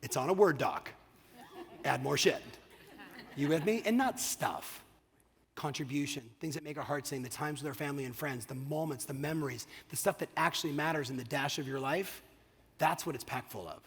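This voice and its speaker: A middle-aged man giving an energetic, profane motivational keynote on stage, often checking in with the audience. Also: on the high side, a little fast, husky. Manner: energetic, profane, asks the crowd "you with me?". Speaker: keynote speaker. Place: large hall on stage. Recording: long hall reverb.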